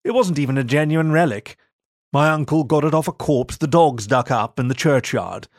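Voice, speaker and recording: A man's voice: fairly high pitch, normal speed, no echo, clean studio sound, voice pushed up. A man voicing a smug, sneering young vicar who grumbles and looks down on others in a storybook reading.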